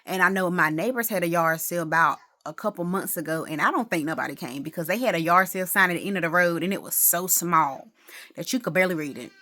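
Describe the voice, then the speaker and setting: A woman's voice: fairly low pitch, fast talker, pushed and bright. Chatty woman vlogging at home. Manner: chatty, rambling, exasperated asides. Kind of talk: casual day-in-the-life vlog.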